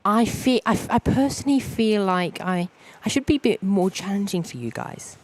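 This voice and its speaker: Aussie male host for a casual outdoor live stream; relaxed, halting, repeats himself. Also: high voice. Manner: easygoing, halting, repeats words. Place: outdoors at an airport.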